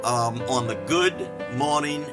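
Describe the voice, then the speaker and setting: An older man preaching an energetic, folksy sermon, animated and self-mocking, swinging from loud outbursts to hushed asides. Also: mid-range voice, slow, over music. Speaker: pastor.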